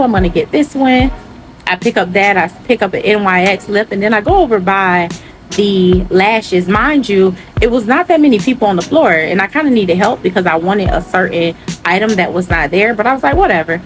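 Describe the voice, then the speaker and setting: In a storytime vlog, a young adult woman who is a teacher animatedly retells an incident, acting out the dialogue in a higher voice.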